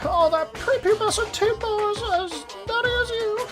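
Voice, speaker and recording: A man voicing a sneering male cartoon bear mascot, reading video game dialogue in a shrill, mocking, exasperated voice. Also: normal speed, music in the background, rough recording. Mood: irritated.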